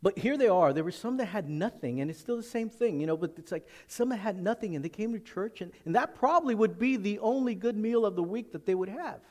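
A man preaching a sermon as pastor in a church, animated and laughing as he acts out the people he talks about. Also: high-pitched, a little fast, few pauses, long reverb tail. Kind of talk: expository sermon.

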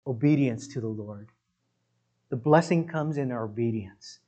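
A man's voice: mid-range voice, a little slow, dark tone, dull audio. A man preaching a sermon in an emphatic, conversational way, talking directly to his congregation. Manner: emphatic, conversational, often says "listen" and "guys". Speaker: pastor.

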